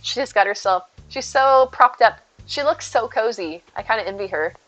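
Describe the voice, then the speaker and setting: A woman's voice: on the high side, animated, moderate pace, fairly bright tone, faint music behind. A woman streamer chatting casually with her viewers while playing, talking sweetly about her cat. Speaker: live streamer. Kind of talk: casual live-stream chat while gaming.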